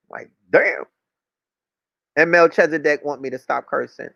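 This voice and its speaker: A man's voice: on the high side, unhurried, vocal fry, pauses often, pushed and bright, dry recording. A man, talking as a podcast guest in a rambling, casual way, full of street slang and cursing. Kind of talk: casual chat. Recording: dull, dry lo-fi recording.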